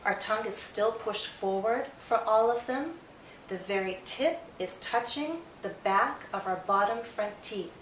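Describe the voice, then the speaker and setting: A woman teaching English vowel sounds, speaking slowly and modeling each sound with clear articulation. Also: mid-range voice, distant mic, slight background noise. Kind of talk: slow scripted pronunciation lesson. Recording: roomy echo, faint music behind.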